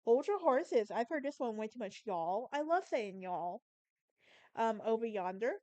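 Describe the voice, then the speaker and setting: Southern woman with a sassy, emphatic delivery, high voice, dry close sound. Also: expressive, a little slow, mellow, no echo. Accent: Southern American. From Southern United States. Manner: sassy, emphatic, talks straight to the listener. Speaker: podcast host. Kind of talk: casual monologue.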